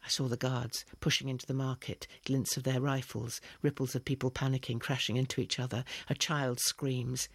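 A man's voice: mid-range voice, level tone, normal speed, creaky, few pauses, slightly rough, no echo. Man reading a story, dry sound. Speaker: audiobook reader. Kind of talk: scripted first-person narration.

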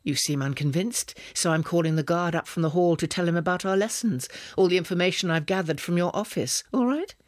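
Cool young female spy, quietly menacing, read by a man, raised pitch, dry booth sound. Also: brisk, few pauses, no room sound, close to an everyday voice. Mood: coolly menacing. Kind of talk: audiobook reading.

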